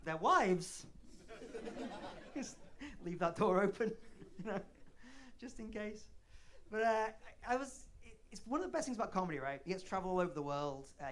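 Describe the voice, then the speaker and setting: A man in his late thirties from Leeds, in the north of England, performs a flamboyant, self-deprecating stand-up routine on a comedy club stage. His Northern English voice is high and slightly bright.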